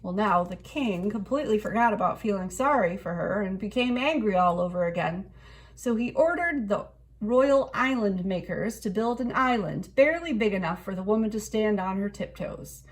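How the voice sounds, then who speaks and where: Reading from a kids' picture book, a storybook reader brings expression to the tale, her voice pitched in the middle range and her pace ordinary.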